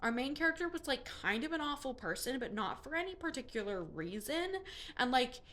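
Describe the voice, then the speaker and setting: A woman in her twenties chatting casually through a monthly reading wrap-up, animated and full of fillers. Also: sits high, fairly quick. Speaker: book reviewer.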